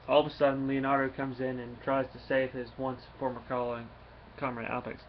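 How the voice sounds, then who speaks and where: A man's voice: mid-range voice, little pitch movement, fairly quick. A man giving a casual, rambling spoken comic book review with many fillers. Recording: dull lo-fi recording, faint noise.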